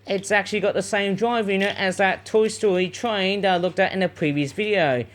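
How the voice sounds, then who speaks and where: A man's voice: high-pitched, steady tone, a little fast. A man, chatting enthusiastically and a little rambly while reviewing and running a toy train. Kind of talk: casual unboxing commentary.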